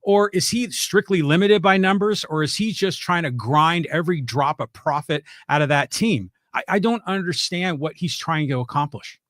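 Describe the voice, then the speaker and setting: A man co-hosts a sports podcast, easygoing and chatty, often posing questions. His voice sits a bit high. The recording is dry and close. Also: normal speed, hardly any pauses, fairly bright tone, no echo. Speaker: podcast co-host. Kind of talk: casual sports talk.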